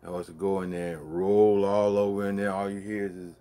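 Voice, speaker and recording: A man telling a long, casual story as a show host, with a loose, drawn-out delivery full of restarts and asides to the listener. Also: low voice, level tone, dark tone. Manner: loose and conversational, peppered with "man" and "you dig".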